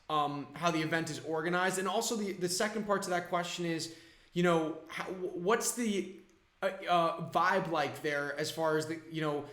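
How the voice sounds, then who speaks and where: A man's voice: on the high side, fairly bright tone, reverberant. A man hosting a casual interview, asking long questions with many restarts and fillers. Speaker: interviewer, host.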